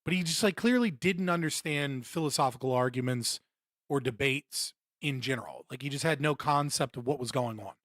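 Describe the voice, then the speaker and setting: A young man live-streams his reactions as casual commentary, delivering blunt, mocking, animated rants with lots of swearing. His medium-pitched voice is fairly quick, recorded in studio quality with no room sound.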